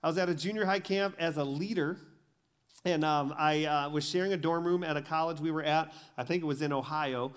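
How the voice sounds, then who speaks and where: A pastor from Michigan preaching a sermon, telling stories and acting out the dialogue, building to emphatic peaks and then dropping to quiet intensity. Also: male voice, on the high side, fairly quick, clean tone.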